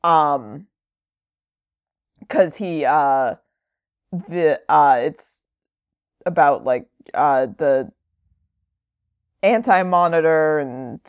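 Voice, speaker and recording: A woman's voice: sits low, very slow, long pauses, dry recording, highs cut off. A woman chatting casually, rambling with lots of fillers and wry asides. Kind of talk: casual chat.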